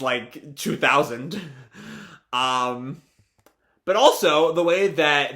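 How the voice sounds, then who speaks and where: A man's voice: fairly high pitch, pushed and bright. A man casually recapping a comic chapter in a live reaction video, talking with many fillers and restarts. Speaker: video creator.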